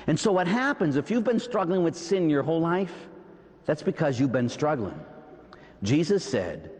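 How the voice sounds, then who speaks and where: A man's voice: a little high, sing-song, normal speed, darkish tone, in a large hall. A man with a Pittsburgh accent preaching a Catholic sermon, full of rhetorical "huh?" and "right?" asides. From Pittsburgh, USA. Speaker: Catholic priest.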